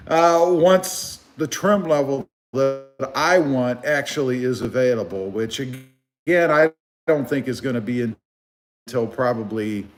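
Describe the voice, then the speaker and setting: A man from South Texas hosting a casual car livestream on a phone, reading viewer comments in a relaxed, rambling way. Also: mid-range voice. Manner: relaxed, rambling with many fillers. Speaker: car channel host. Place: live stream over phone.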